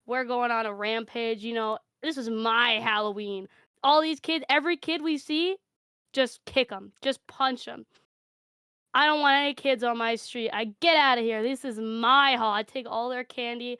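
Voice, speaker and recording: A woman spins an improvised comic story, deadpan and gleefully profane. Her voice sits a little high and sounds smooth and clear. The sound is dry and close, with no room echo. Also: moderate pace.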